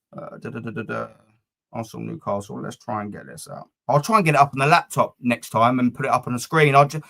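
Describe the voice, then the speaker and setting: A man's voice: medium pitch, fairly bright tone. A man hosting a football fan live stream, rambling and swearing freely as he chats to his viewers. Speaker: football fan channel host. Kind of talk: casual live-stream chat.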